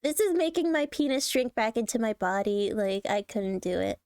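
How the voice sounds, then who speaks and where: A woman streaming casual commentary on online posts, talking bluntly with swearing, frequent throat clearing and lots of laughter. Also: fairly high pitch, lively intonation, normal speed, a little mellow, no echo, studio quality.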